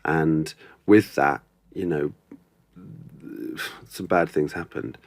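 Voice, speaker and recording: A man's voice: a bass voice, takes it slowly, no echo. A male actor chatting as a podcast guest, thoughtful, with many ums and restarts. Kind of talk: casual interview chat.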